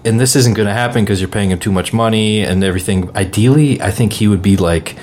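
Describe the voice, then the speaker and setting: Man, lowish voice, laid-back, hesitant, sports podcast chat. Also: quick pace, darkish tone, a little hiss or hum. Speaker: podcast co-host reading listener mail.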